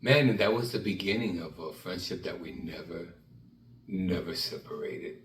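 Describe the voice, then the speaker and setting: A man telling a personal story in a lively way, acting out the people in it and often trailing off and starting over. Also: low voice, moderate pace, slight background noise. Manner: animated, acts out the people in his story; trails off and restarts. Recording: echoey room, from a distance.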